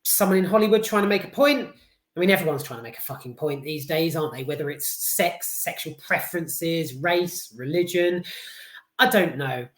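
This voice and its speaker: A woman's voice: low voice, normal speed, echoey room. A British woman giving a casual, blunt film review, full of swearing, restarts and fillers.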